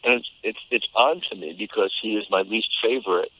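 This deep-voiced voice actor from the United States is brisk, heard on a tinny line without room sound. In the casual interview chat he's an animated storyteller, laughing a lot and frequently beginning his sentences over.

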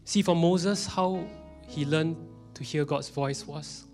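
Soft music plays behind a Singaporean-accented pastor in his thirties as he preaches slowly in a somewhat high voice in a church hall. He's animated throughout, sometimes lowering his voice to a whisper for emphasis.

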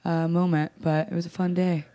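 A young woman telling a personal story in casual conversation, blunt and swearing, acting out quoted lines with jumps in pitch. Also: little pitch movement, a little fast, dark tone. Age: young adult. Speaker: guest.

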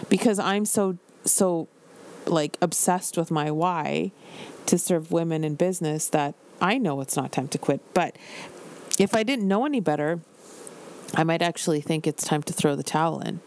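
A woman's voice: on the low side, darkish tone, slight background noise. A woman in her forties hosting a casual solo podcast, candid and chatty with lots of "like" fillers. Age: 40s. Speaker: podcast host and business coach.

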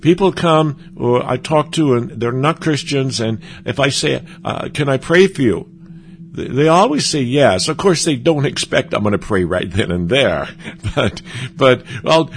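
Gravelly man preaching earnestly. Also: mid-range voice. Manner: earnest, halting with frequent restarts. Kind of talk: conversational sermon.

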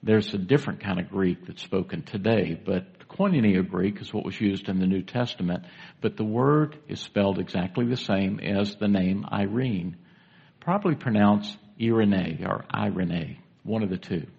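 A man's voice: lowish voice, moderate pace, gravelly, a little mellow, husky, dull audio. A man preaching a sermon to a congregation in a church, in a conversational way, putting questions to the listeners. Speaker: pastor.

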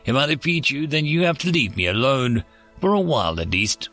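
A man's voice: big pitch swings, brisk, fairly bright tone, soft background music. A man voicing a wry, defiant dying man who banters sarcastically and asks pointed questions. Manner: sarcastic, questioning, a bit higher than narration.

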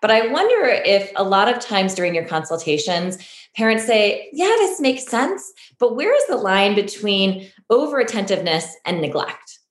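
A woman's voice: mid-range voice, big pitch swings, moderate pace. A woman hosting an interview, asking thoughtful, searching questions with a few restarts. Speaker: interview host. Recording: echoey room.

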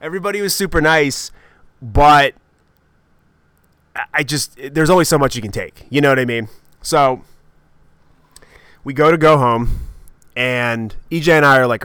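A man hosting a podcast and telling a comedic story in an animated, profane, self-mocking way. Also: mid-range voice, normal speed, long pauses, clean tone, dry recording, studio quality. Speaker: podcast host.

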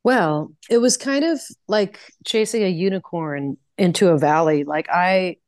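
Chatty woman with a low, dry voice. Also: a little slow, darkish tone, no echo. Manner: chatty, laughs easily, acts out quoted conversations. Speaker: guest musician. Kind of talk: casual podcast chat.

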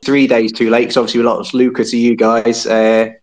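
Male caller, mid-pitched, dry and rambling, phone audio. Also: flat delivery, brisk. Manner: wry, dry humour, rambling. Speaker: phone-in guest, football fan. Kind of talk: casual chat.

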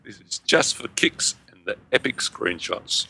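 A man's voice: medium pitch, expressive, measured pace, creaky, pushed and bright, breathy edge. A man co-hosting a gaming podcast, reading a listener email aloud in an easygoing way with joking asides. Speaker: podcast co-host.

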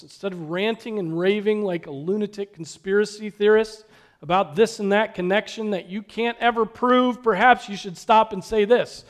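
A man preaching a sermon, earnest, posing rhetorical questions and dropping to a hush for emphasis. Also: high voice.

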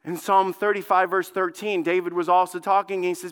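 A male lead pastor preaching a sermon, fervent, dropping to a hushed plea and then rising loud, and often repeating words as he builds a point. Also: sits high, level tone, brisk, clean tone. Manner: fervent, swings from hushed pleading to loud outbursts. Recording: long hall reverb.

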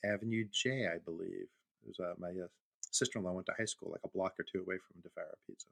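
A man's voice: low voice, steady tone, fast, vocal fry, fairly bright tone. A middle-aged man from Brooklyn co-hosting a podcast in casual chat, telling anecdotes and acting out the voices in them. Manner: storyteller, acts out voices in anecdotes. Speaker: podcast co-host.

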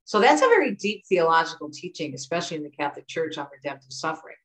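A middle-aged woman from the United States with a lowish voice talks as an interview guest. She tells stories in a lively, chatty way. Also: fast, poor audio. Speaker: author and guest. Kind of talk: conversational interview.

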